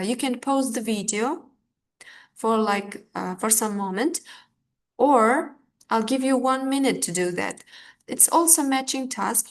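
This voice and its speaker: Woman teacher, unhurried, patient, filler words. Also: a little high. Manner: slow, patient, with fillers and restarts. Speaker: English teacher. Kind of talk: online language lesson.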